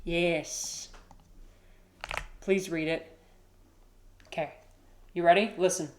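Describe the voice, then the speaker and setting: A woman's voice: lowish voice, fairly even intonation, takes it slowly, darkish tone, slight background noise. A woman streamer chatting casually on a livestream and reading chat aloud, rambling and giggling, with music playing behind her.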